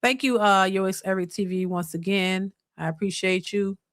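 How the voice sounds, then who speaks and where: A woman's voice: mid-range voice, steady tone, normal speed, no echo. A woman hosting a live reaction stream, exclaiming and talking straight to her viewers as she reads their messages.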